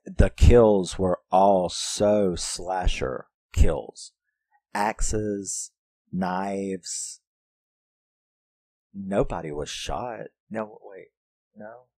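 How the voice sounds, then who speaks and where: A man's voice: low-pitched, very slow, long pauses, warm tone, no room sound. A man giving a casual, profane review of a horror film, laughing often and acting out lines from it. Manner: profane, laughs often, quotes characters in put-on voices.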